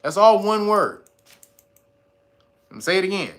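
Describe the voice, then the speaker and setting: A man hosting a casual livestream, talking straight to his viewers in a profane, animated way, laughing often and reading out chat guesses. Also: high-pitched, a little slow, pauses often. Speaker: host.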